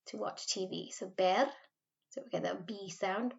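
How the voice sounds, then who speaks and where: A woman with a Welsh accent leads a recorded school Spanish lesson from home, sounding out each phrase slowly and patiently so pupils can repeat it. Her pitch sits in an ordinary middle range. The recording is slightly dull and lo-fi. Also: gravelly, a little mellow. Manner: patient, modelling words slowly for repetition. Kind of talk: recorded remote language lesson.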